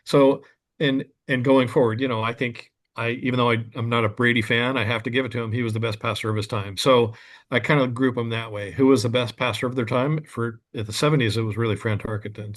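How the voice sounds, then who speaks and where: Earnest man making measured points. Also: medium pitch, fairly even intonation. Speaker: card collector guest. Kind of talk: casual podcast chat.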